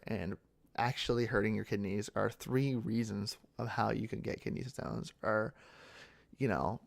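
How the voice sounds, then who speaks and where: Speaking with a fairly low, creaky voice, the ASMR channel host, a young man from central Pennsylvania in the United States, works through viewer comments. The chat is casual and meandering, full of fillers and false starts.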